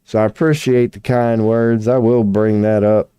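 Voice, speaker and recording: A hoarse-voiced man doing tarot readings on a live stream chats casually, rambling, swearing offhandedly, laughing a lot, and reading chat aloud. His fairly low, mellow voice barely moves in pitch, is worn rough from long streams, and he clears his throat at a moderate pace. The recording is dry.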